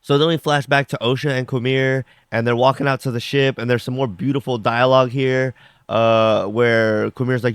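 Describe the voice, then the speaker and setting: A man's voice: mid-range voice, steady tone, moderate pace, smooth, dry recording, studio quality. Rambling casual man reviewing an episode. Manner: rambling, filler-heavy with frequent "like"; acts out characters' lines while recapping.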